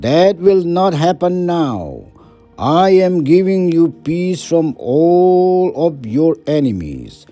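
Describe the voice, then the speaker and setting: Solemn promising God, read by a man; slow, dark, lively pitch. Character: solemn promising male deity.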